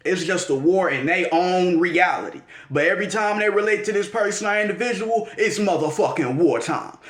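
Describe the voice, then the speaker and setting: Man, slangy and profane astrology vlogger, slightly high voice, roomy echo. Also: lively intonation, moderate pace, fairly bright tone. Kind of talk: casual monologue.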